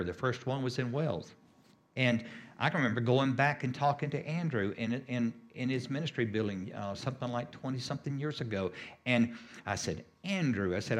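A man's voice: medium pitch, animated, fairly quick. A middle-aged man preaching a sermon as a healing minister, emphatic and repetitive, with sudden rises on key phrases.

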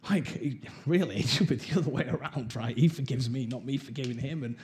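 A young man candidly sharing his personal testimony in a conversational way, with halting restarts. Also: mid-range voice, darkish tone.

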